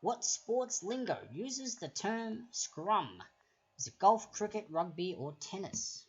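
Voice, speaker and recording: A woman's voice: medium pitch, animated, slow pace. Chatty woman hosting a quiz. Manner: chatty, rambling asides, repeats each question. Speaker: trivia quiz host. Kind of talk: casual livestream chat reading quiz questions. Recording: lo-fi stream audio with background music.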